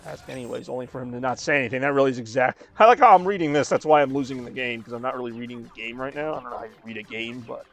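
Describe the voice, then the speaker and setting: A man's voice: medium pitch, very fast, few pauses, a bit bright. A man in his thirties streaming a game and chatting casually, rambling with lots of fillers. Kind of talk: casual chat while gaming.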